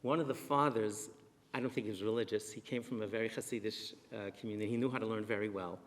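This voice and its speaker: A middle-aged man, a rabbi, giving a lively storytelling talk to a live audience and repeating phrases for emphasis. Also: lowish voice, quick pace. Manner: animated, repeats himself for emphasis. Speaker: rabbi and speaker. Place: synagogue hall with a live audience. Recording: long reverb in a synagogue hall.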